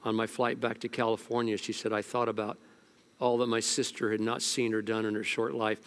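A male pastor preaching a sermon at a church service, telling stories, sometimes hushed and sometimes loud. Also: medium pitch, clear, resonant tone.

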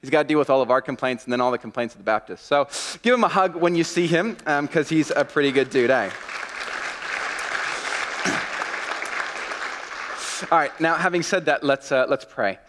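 A pastor giving a sermon, telling a self-mocking personal story in a chatty way and leading a short prayer. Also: male voice, fairly high pitch, a little slow, pauses often, crowd noise, background noise. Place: church sanctuary. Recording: long reverb of a church hall.

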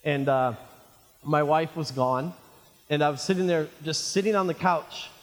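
A male pastor in his thirties preaches with a slightly high voice, pulling the congregation in with questions. He swings from raised, ringing lines down to near-whispers. The sound carries a long reverb, like a church hall. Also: moderate pace. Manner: preaching with call-and-response questions, voice swinging from shouts to near hush. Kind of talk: sermon. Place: church sanctuary.

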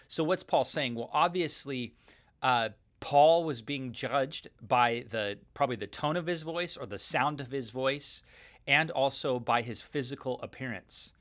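Man, mid-pitched, casual earnest Bible teacher, conversational, podcast host. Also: a little slow, a bit bright. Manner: conversational, earnest, chuckles as he talks.

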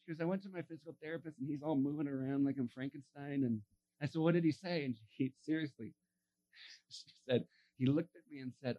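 A man's voice: medium pitch, quick pace, dark tone, highs cut off. A male pastor telling a sermon story, acting out the voices in it and laughing often.

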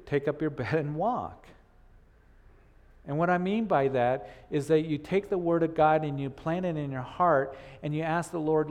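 A man's voice: on the high side, darkish tone. A male pastor delivers an earnest sermon in a slightly raised voice. He keeps repeating phrases and gives voice to his listeners' doubts. A long reverb trails each phrase, as if recorded in a church hall.

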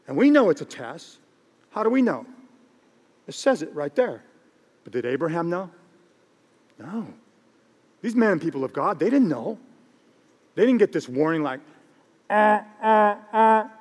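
A middle-aged man, a pastor, preaching a sermon in an animated, joking way and repeating phrases for emphasis. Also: fairly high pitch. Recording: long reverb of a large hall.

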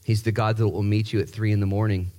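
A man preaching a sermon in a lively, joking way, repeating words and jumping up in pitch to stress a point. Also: fast. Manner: animated, jokey, repeats himself, voice jumps high for emphasis. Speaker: pastor.

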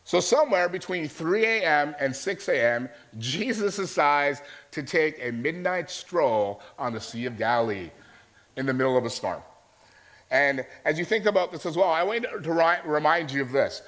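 A pastor preaches a sermon to his congregation in a slightly high, expressive, somewhat bright voice. He tells the story conversationally, often pausing to make sure his listeners are following along.

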